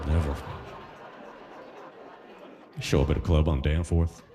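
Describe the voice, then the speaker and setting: A man's voice: a bass voice, little pitch movement, slow, long reverb tail. A Caribbean man with a Trinidadian accent performing a loose, conversational stand-up set, full of "you know what I mean". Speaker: stand-up comedian. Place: comedy venue in Toronto.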